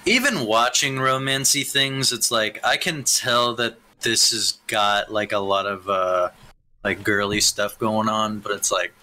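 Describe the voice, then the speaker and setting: A man's voice: on the low side, a little slow, sharp tone, a little hiss or hum, poor audio. A young man co-hosting an anime chat, easygoing and hesitant, asking questions between ums. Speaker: podcast co-host. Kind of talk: casual chat.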